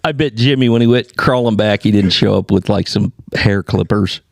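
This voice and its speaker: A man's voice: fairly low pitch, normal speed, creaky, no echo, studio quality. A man co-hosting a podcast, prompting and explaining with easy chuckles. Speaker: podcast co-host. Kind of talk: casual chat.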